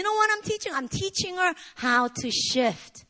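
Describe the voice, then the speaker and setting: High, lively woman preaching a sermon. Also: normal speed, hardly any pauses. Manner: emphatic, swings between loud exclamations and soft low asides. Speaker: pastor.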